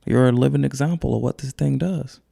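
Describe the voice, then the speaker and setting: A man's voice: mid-range voice, brisk, creaky, warm tone. A man speaking as a podcast guest, exuberant and emphatic, repeating phrases as he tells a parable about finding the solution inside yourself. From United States. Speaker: recovery center executive, podcast guest. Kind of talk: emotional podcast conversation and parable telling.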